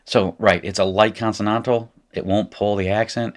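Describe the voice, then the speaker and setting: A man with a very low voice and an Appalachian accent from North Carolina talks through a recorded lesson. He explains at a relaxed pace, often correcting himself mid-sentence and checking in with "right?". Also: moderate pace. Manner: casual, self-correcting explainer who laughs at his slips. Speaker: teacher. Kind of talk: recorded lecture.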